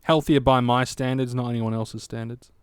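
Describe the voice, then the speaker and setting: Smooth-voiced man muttering through a game stream. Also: mid-range voice, fairly even intonation, normal speed, dry recording. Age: late 20s. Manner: chatty, swearing, muttering to himself. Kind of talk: casual gaming livestream commentary.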